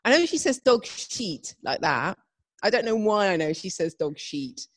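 Lively storytelling woman. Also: medium pitch, moderate pace, no room sound. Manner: animated storytelling, acts out quotes. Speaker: podcast co-host. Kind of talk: casual chat.

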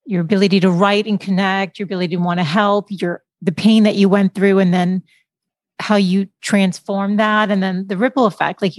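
A woman's voice: mid-range voice, no echo. A woman hosting an interview, affirming and upbeat, who calls herself positive and happy. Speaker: podcast host. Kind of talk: conversational interview.

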